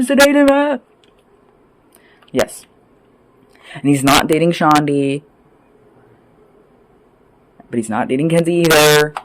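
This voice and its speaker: A man ranting off the cuff as a vlogger, angry and sweary, rambling between loud outbursts and low mutters. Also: background noise. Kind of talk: profane off-the-cuff rant.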